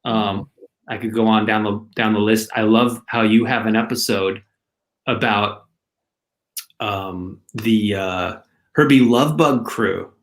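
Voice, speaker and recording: A man's voice: lowish voice, measured pace. A man speaking as a podcast guest in a casual, hesitant way, often restarting his sentences. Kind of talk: casual chat.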